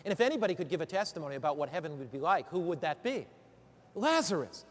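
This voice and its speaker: A man's voice: on the high side, big pitch swings, fast, in a large hall. A man teaching lay preachers in an emphatic sermon style, drawing answers from his listeners. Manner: emphatic, calls for answers from the room.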